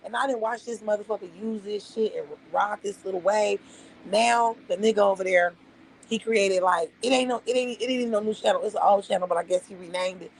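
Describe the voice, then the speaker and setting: A woman's voice: medium pitch, fairly quick, slight background noise, low-quality recording. A woman from Las Vegas with a vernacular accent, casually ranting to her livestream chat, profane and emphatic, rambling from point to point. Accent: Las Vegas, African American Vernacular English. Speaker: livestream host.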